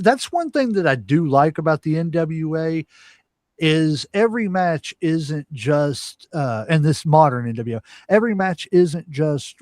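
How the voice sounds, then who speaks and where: A man's voice: on the high side, no echo, studio quality. A man co-hosting a podcast, casually reading weekly wrestling results with lots of "uh" fillers. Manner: reads results with frequent "uh" fillers. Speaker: podcast co-host.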